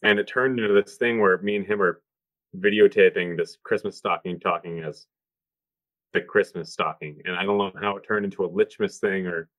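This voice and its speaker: A man's voice: low-pitched, steady tone, moderate pace, a bit bright, dry recording. A man talking casually on a podcast, rambling with lots of ums and the odd curse. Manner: rambling, swears freely, many ums. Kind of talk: casual chat.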